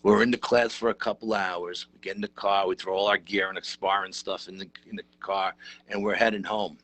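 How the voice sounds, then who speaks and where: A middle-aged man tells a story in an animated, rough-edged way. His voice sits very low but has a bright, forward edge. The recording is close and dry. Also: brisk, no room sound. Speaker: interview guest, paranormal researcher. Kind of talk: casual storytelling.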